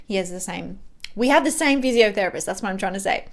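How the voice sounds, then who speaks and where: A woman's voice: medium pitch, expressive, fast, slight background noise. A young woman chatting at home while doing her makeup, rambling with fillers and restarts as she gives a life update. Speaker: beauty vlogger. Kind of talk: chatty get-ready-with-me update.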